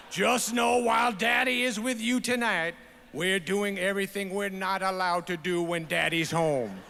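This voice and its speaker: A man reading a comic roast letter aloud in a put-on Southern accent, with a slow, drawn-out delivery at an awards ceremony. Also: high voice, gravelly, pushed and bright, heavily acted. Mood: mocking. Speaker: award recipient. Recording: reverberant awards hall, faint ambience.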